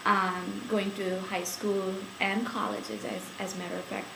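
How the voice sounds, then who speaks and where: Woman interviewee, lively laughing storyteller, echoey recording with light hiss. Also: medium pitch, a little slow, gravelly. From India. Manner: chatty, laughing storyteller with many fillers. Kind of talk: oral history storytelling.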